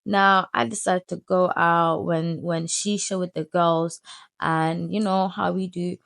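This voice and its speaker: Gravelly-voiced woman telling a story. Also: fairly low pitch, measured pace, no room sound. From United Kingdom. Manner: blunt, swears freely, animated retelling. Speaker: vlogger. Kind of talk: storytime vlog.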